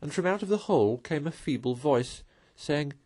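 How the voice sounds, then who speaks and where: A man's voice: a little high, no room sound. Man reading a classic story aloud. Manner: measured, expressive narration.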